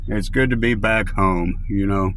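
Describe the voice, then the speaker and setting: A man's voice: on the low side, steady tone, measured pace, a bit bright, slight background noise. A man telling a rambling personal story in a casual vlog, full of fillers and restarts, recorded in a car. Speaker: vlogger.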